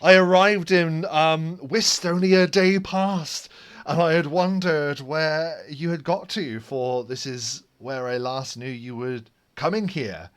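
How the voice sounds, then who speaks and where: Man doing a high, shouting brigand hero, brimming with excitement. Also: slow pace, clear, resonant tone. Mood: eager. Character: excitable male brigand hero, loud and jubilant.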